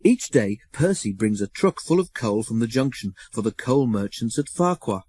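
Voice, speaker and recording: A man narrating a children's storybook in a measured, expressive way on a close studio mic. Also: mid-range voice, slightly rough, no echo.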